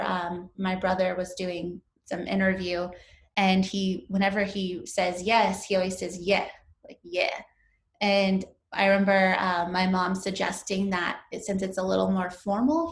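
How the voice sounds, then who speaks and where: Young female instructor, relaxed lecture delivery, frequent fillers, roomy echoey sound. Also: medium pitch. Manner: casual, lots of fillers like um and like. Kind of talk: recorded online lecture.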